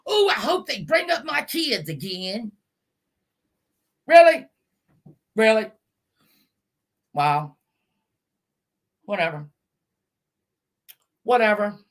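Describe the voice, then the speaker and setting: A woman ranting angrily on a live stream from her car, scolding and swearing, with bursts of shouting. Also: on the low side. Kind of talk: angry live-stream rant.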